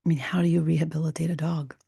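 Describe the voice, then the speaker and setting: Woman host, warm low tone, flat delivery, soft half-whispered reflective monologue. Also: rapid-fire, vocal fry, breathy edge, no echo, studio quality. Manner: soft, often half-whispered, musing with restarts. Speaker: podcast host. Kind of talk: reflective solo podcast talk.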